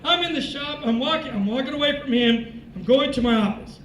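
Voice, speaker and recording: A man with a strikingly high voice giving a motivational speech in a large hall. He tells his story in an animated way and acts out the dialogue. The sound is echoey and comes from some way off the mic, with faint noise behind. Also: brisk, distant mic. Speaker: military speaker.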